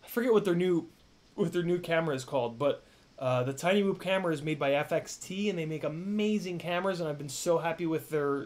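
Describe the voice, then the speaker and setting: A man's voice: a little high, darkish tone. Rambling casual young man streaming. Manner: rambling, many fillers and restarts, swears casually. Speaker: live-stream host reading donations. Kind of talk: casual live-stream chat.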